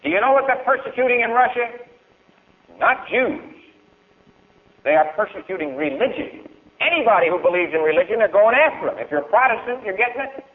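A man speaks to a lecture hall in a declamatory, emphatic way, his voice pitched a little high. He swings between loud outbursts and low, pressing asides. The old recording is thin and tinny, as if heard down a phone line. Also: expressive, fairly quick. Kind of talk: public speech and Q&A.

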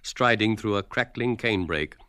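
A man's voice: lowish voice, normal speed, pushed and bright, dry recording, clean studio sound. A man giving scripted narration of the stage directions in a radio drama.

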